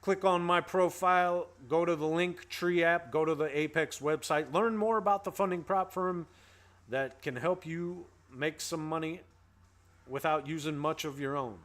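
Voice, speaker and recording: This is a man with a fairly high voice who hosts a casual trading livestream. He keeps an upbeat, playful tone and drops slangy banter and rhymes as he greets viewers by name. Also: moderate pace, fairly bright tone. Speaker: host.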